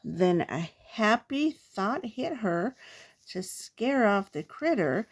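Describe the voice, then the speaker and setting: An older woman, a grandmother, reading children's poems aloud in a playful, expressive way. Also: mid-range voice, slow. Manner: playful, expressive read-aloud with comic trailing-off.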